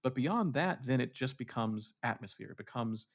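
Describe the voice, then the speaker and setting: A man's voice: medium pitch, animated, moderate pace, hardly any pauses. A man co-hosting a casual podcast, a theatre director who talks in a reflective way and often restarts his sentences while looking for words. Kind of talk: casual chat.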